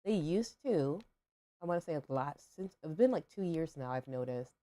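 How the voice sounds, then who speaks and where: A young woman with a low, mellow voice talks casually to her stream while playing. She rambles, fills gaps with "like" and "um", and questions herself along the way. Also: animated, moderate pace. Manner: rambling, filler-heavy, self-questioning. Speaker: livestream host. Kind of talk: casual chat while gaming.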